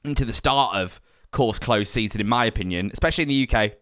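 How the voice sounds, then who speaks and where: A man's voice: on the low side, fast talker, fairly bright tone, no echo, studio quality. A man co-hosting a golf podcast, chatting in easygoing banter. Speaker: podcast co-host. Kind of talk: casual chat.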